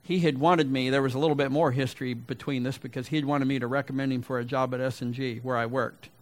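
A man's voice: medium pitch, steady tone, fast talker. A middle-aged man preaching a sermon, telling a folksy personal story and then asking rhetorical questions. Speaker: pastor.

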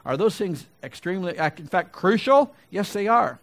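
Man preaching with animated, swinging emphasis. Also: normal speed, few pauses. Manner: animated preaching, swinging between loud emphatic peaks and quiet low asides; conversational, with restarts and asides to the congregation. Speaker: pastor. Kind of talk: sermon.

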